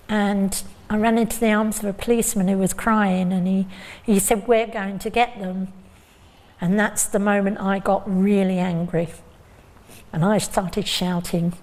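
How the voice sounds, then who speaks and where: A woman recounting her son's death in a halting, emotional way. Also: mid-range voice, darkish tone. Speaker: bereaved mother giving testimony. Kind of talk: personal testimony in conversation. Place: church. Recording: long reverb of a church hall.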